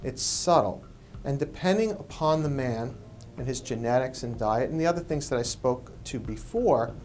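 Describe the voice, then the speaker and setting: A man, a medical expert, explaining hormone changes in an interview and lively acting out quoted people. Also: medium pitch, normal speed, faint music behind. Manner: animated, acts out quoted people.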